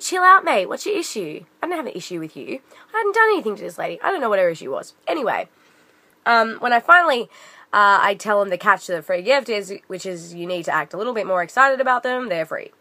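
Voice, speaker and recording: A woman's voice: high-pitched, pushed and bright, no room sound. A young woman vlogger telling a story in a casual, rambling rant full of fillers and restarts.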